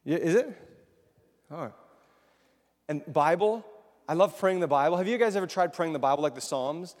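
An expressive man with a somewhat high voice preaches at a normal speed, keeping his sermon conversational and questioning the congregation. He is in a large hall, and long echoes hang in the recording.

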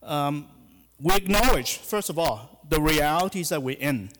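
A man's voice: fairly high pitch, expressive, unhurried, fairly bright tone. A middle-aged man, a hospital chaplain giving a sermon in a church, speaking hesitantly with many fillers and restarts. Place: church sanctuary. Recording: long hall reverb.

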